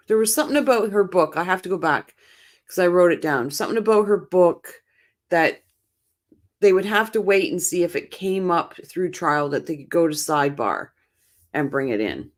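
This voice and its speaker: Speaking on the low side at normal speed, with lively intonation and long pauses, a woman hosts a relaxed true crime live stream. She's short on sleep and reacts to chat comments chattily and with strong opinions, rambling and restarting.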